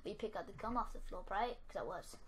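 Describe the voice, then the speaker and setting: A woman's voice: medium pitch, animated, fast, noisy background. A woman giving let's-play commentary on a horror game, jumpy and talking to the characters on screen. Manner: jumpy, talks to game characters, frequent yelps and nervous laughs. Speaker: gamer playing a horror game. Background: game music.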